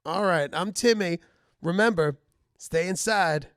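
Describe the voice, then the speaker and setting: A chipper bunker dweller who once played bass in bars chats in a folksy, rambling way, circling back on his own sentences, as a man plays him for comedy. His voice sits fairly high for a man, and the sound is dry and close. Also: unhurried, a bit bright, clean tone, dry recording. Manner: folksy, rambling, self-interrupting. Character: chipper male bunker dweller, washed-up bar bassist. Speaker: comedy character host. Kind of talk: deadpan comedy monologue.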